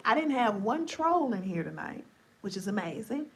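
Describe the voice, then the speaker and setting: A woman's voice: mid-range voice, very animated, normal speed. Sleepy, chatty woman live-streamer. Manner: chatty, playful, talks straight to viewers. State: sleepy, voice going deep and scratchy. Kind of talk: casual live-stream chat.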